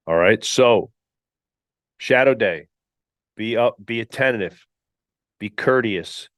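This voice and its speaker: A man with a lowish voice delivers a blunt coaching monologue as a podcast host, hammering his points home. He is recorded dry and close, with no room sound. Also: dry recording. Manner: blunt, emphatic, peppered with "all right"; mocks candidates in put-on whiny voices. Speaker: podcast host and gym owner.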